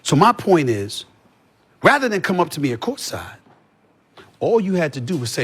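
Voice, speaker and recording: A man's voice: on the high side, very animated, normal speed, pauses often, a bit bright, slightly rough. A man talking in a heated, profane podcast conversation, pressing his points again and again. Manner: emphatic, profane, repeats points. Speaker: sports commentator as podcast guest.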